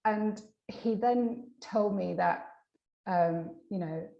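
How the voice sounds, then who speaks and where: A woman hypnotherapist in a casual interview, telling a client story with lively acted-out quotes and frequent restarts. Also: medium pitch, slow, vocal fry, lo-fi sound. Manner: animated, acts out quoted dialogue; many fillers and restarts. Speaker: hypnotherapist guest.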